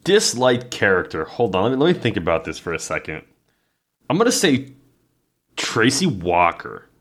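Wry man with a very lively voice. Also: fairly low pitch, moderate pace. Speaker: quiz contestant. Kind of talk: casual podcast game chat.

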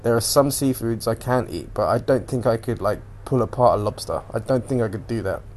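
A man's voice: medium pitch, a little fast, a little mellow. A man hosting a casual solo podcast, rambling and swearing as he animatedly retells what he watched on TV. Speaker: podcast host.

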